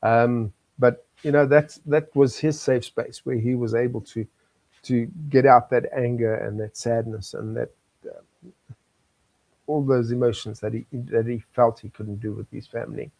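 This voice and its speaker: A man's voice: mid-range voice, steady tone, measured pace, gravelly, a little mellow, no echo, low-quality recording. An older man from South Africa, a talk show guest telling his life story in an earnest, chuckling manner. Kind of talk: candid interview talk.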